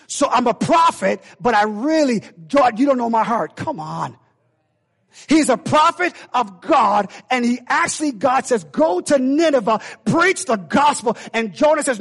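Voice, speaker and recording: A high-voiced man preaching to his church with big swings in energy. He acts out the lines of the figures in his story and rises at times to a near shout. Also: moderate pace, slightly rough. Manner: animated, acts out biblical voices, builds to shouts. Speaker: pastor. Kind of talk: sermon.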